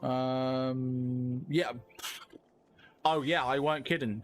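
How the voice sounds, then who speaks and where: Chatty, excitable male game streamer. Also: mid-range voice, moderate pace, slight background noise. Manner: excitable, chatty, laughs often. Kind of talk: live game-stream commentary.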